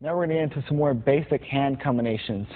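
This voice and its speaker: A man's voice: medium pitch, quick pace, over music. A man teaching boxing combinations, talking plainly and repeating punch sounds as he demonstrates. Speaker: boxing instructor. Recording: tinny phone-like sound with noise.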